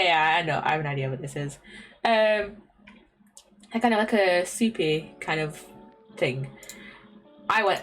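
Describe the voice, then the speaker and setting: A woman's voice: mid-range voice, a bit bright. A woman streaming a story game, chatting casually, rambling and laughing at herself. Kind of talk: casual gameplay commentary.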